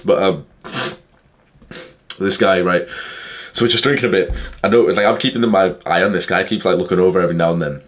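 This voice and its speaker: A man's voice: low-pitched, brisk, pauses often. A young man telling a story to camera in a casual, profane way, full of "like" fillers. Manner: profane, heavy use of "like" fillers, animated retelling. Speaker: vlogger.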